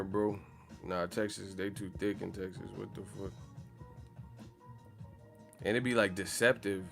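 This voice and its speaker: A man hosting a boxing channel livestream, chatting casually in a profane, joking, slangy way. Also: fairly low pitch. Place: in the Bay Area, California.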